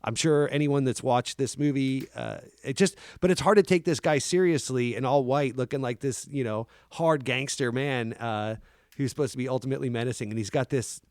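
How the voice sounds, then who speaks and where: A man's voice: medium pitch, a little fast, darkish tone, dry recording. Easygoing man, dry close sound. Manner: easygoing, rambling with fillers. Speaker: podcast co-host. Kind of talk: casual film-review chat.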